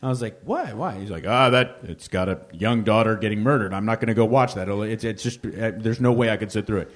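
Profane, animated male storyteller. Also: fairly low pitch, fairly quick. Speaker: guest, former radio cohost. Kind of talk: casual live podcast chat. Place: live venue before an audience.

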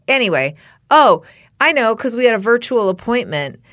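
A woman's voice: a little high, very animated, moderate pace, a bit bright, no echo, studio quality. A middle-aged woman co-hosting a podcast, chatting casually and telling her own story. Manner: conversational, agreeing, storytelling. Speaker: podcast co-host. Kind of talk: casual chat.

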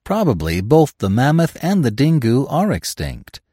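A man narrating a classic story in a measured, expressive audiobook reading. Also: medium pitch, husky, dry recording, clean studio sound.

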